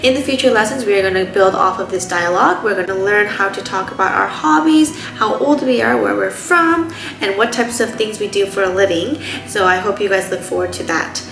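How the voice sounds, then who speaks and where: Woman, young adult, patient language teacher, roomy room, soft music under the voice. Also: medium pitch, creaky. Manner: slow, careful explanations with spelled-out examples. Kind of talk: online language lesson.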